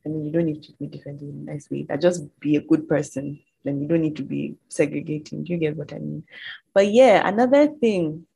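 Young woman, Nigerian English accent, husky voice, lowish pitch, casual vlog chat, animated. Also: quick pace, low-quality recording. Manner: animated, exasperated storytelling with mocking quoted voices. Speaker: vlogger.

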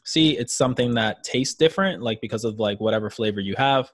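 A man's voice: mid-range voice, a little fast, no echo. Laid-back man, dry sound. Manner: filler-heavy, laid-back, trails off. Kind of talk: casual chat.

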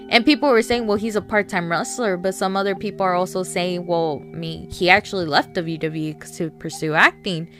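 A woman's voice: medium pitch, normal speed, a bit bright, faint music behind. A woman talking casually and at length about wrestling, rambling with many fillers and asides. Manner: rambling, chatty, lots of fillers and laughs. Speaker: wrestling fan commentator. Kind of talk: casual solo commentary.

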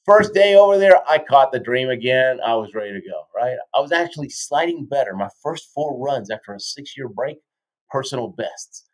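A man in his fifties, a motivational speaker telling stories as a podcast guest, energetic and tagging lines with "right?". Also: mid-range voice, normal speed, poor audio. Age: 50s. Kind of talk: animated storytelling in a podcast interview.

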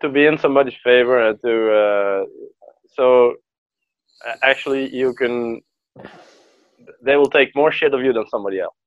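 A man's voice: medium pitch, no room sound. Man, dull lo-fi sound. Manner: hesitant, halting explanations. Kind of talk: casual chat.

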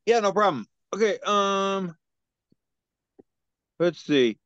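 A man's voice: high voice, lively intonation, takes it slowly, a bit bright, clear, resonant tone, no echo, lo-fi sound. A man on a casual comedy podcast describing memes with frequent ums and uhs. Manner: hesitant, many ums and uhs. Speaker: podcast regular reading memes. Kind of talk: casual chat. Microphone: video call.

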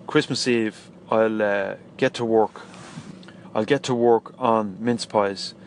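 A man's voice: on the low side, steady tone, slow pace, a little hiss or hum. A man with an Irish accent hosting a podcast, talking casually and enthusiastically with plenty of restarts. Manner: chatty, rambling, enthusiastic, frequent restarts. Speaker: podcast host. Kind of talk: casual solo podcast talk.

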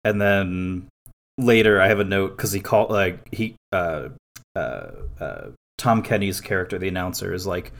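A man co-hosting a podcast in casual chat, rambling with many fillers and restarts and quoting others in animated voices. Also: low-pitched, moderate pace. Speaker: podcast co-host.

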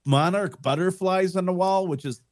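A man's voice: high-pitched, moderate pace, no echo, studio quality. A middle-aged man talking as a guest on a casual show, rambling through joking stories and slipping into mock voices. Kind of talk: casual chat.

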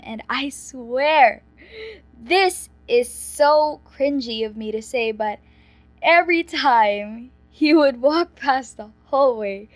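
A woman's voice: high voice, dry recording. Chatty teenage girl telling school stories. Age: late teens. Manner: chatty, frequent "like" fillers, drops to a hushed scary voice for the ghost story. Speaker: vlogger. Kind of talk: casual storytime.

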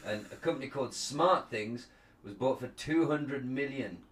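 A man's voice: mid-range voice, moderate pace, fairly bright tone, echoey room. A man co-hosting a podcast, chatting casually, swearing now and then and joking about himself. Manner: casual, swears, self-deprecating. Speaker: podcast co-host. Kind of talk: casual chat.

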